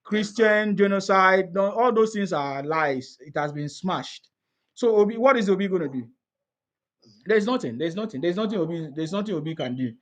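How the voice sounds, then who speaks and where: High-voiced Nigerian man chatting politics. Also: animated, normal speed, a bit bright. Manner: laughs often, repeats himself, rhetorical questions. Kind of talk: casual political chat.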